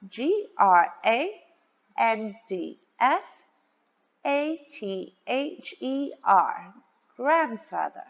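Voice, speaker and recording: Woman teacher for young kids, very slow and lively sing-song delivery, words spelled out; lo-fi, reverberant sound. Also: a little high. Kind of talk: children's vocabulary lesson. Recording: dull lo-fi sound with long reverb.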